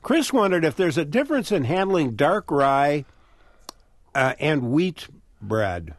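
A man hosting a public radio call-in show, relaxed and chatty, laughing easily. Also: fairly high pitch, a little slow, no echo. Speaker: radio talk show host. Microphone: studio microphone.

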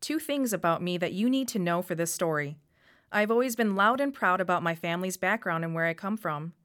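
A woman's voice: lowish voice, brisk, fairly bright tone. Woman with a Northeast Wisconsin accent. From Wisconsin, USA. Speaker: storyteller. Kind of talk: scripted personal radio essay.

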